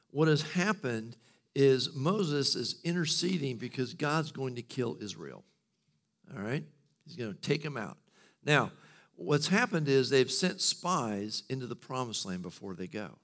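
A man's voice: mid-range voice, a bit bright. A middle-aged male pastor preaching a sermon in a casual, humorous storytelling manner.

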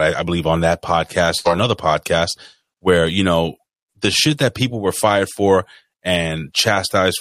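A man's voice: low voice, fairly bright tone, no echo, studio quality. A man co-hosting a podcast, chatting bluntly and casually with profane banter. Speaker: podcast co-host.

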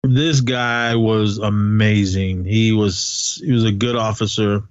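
A middle-aged man from California, chatting on a podcast, telling stories in a profane, animated rant. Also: on the low side, slow, clean tone, no echo. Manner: profane, ranting, animated storytelling. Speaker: podcast co-host. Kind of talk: casual podcast chat. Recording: dull, dry podcast recording.

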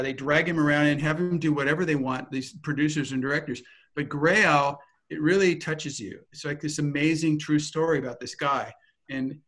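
A man gives a teaching talk in an animated, storytelling manner, swearing casually as he goes. His voice sits a little above the usual male pitch. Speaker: teacher of personal transformation. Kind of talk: teaching talk with personal anecdote.

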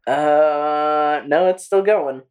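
Low-voiced matter-of-fact woman. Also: extremely slow, darkish tone. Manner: matter-of-fact, looks up facts and ratings. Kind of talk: casual pop-culture chat.

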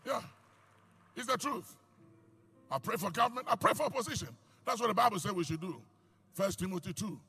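An older man with a Ghanaian accent preaching a sermon, swinging between loud outbursts and quiet, low asides. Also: animated, fairly quick, long pauses, slight background noise. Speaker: pastor.

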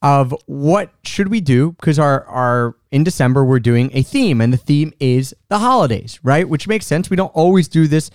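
A man hosting a casual travel podcast, chatty and upbeat, with quick restarts, recorded at home. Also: a little high, expressive, dry recording, studio quality. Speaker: podcast host. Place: home room.

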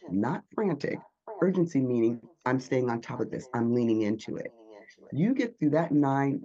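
A man's voice: mid-range voice, mellow, slightly rough, highs cut off. A man who coaches public speaking, answering interview questions and acting out the inner voices he quotes.

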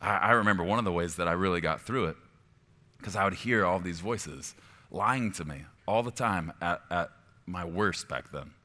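A man preaching a sermon as pastor, moving from quiet, reflective stretches to loud, high-pitched exhortation. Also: normal speed. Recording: long hall reverb.

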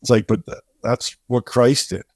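A man's voice: medium pitch, normal speed, a little mellow, no room sound. Man speaking earnestly on a podcast. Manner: emphatic, earnest reflections. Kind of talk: conversational podcast talk.

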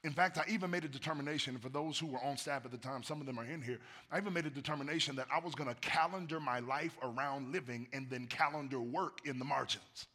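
A pastor, preaching a sermon, swinging from soft murmurs to loud emphatic bursts. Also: male voice, medium pitch, fast, hardly any pauses. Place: church sanctuary.

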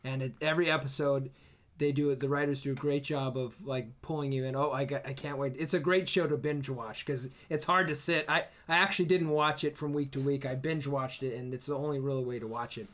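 A man's voice: mid-range voice, fairly even intonation, fairly quick, fairly bright tone. A man co-hosting a podcast, talking casually and with enthusiasm about a favorite TV show. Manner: enthusiastic, emphatic praise. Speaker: podcast co-host. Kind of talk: casual chat.

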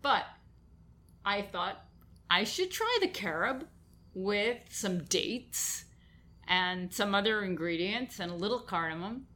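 A woman's voice: medium pitch, animated, slow, sharp tone. A woman co-hosting a show in a casual, playful chat. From New York. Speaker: co-host.

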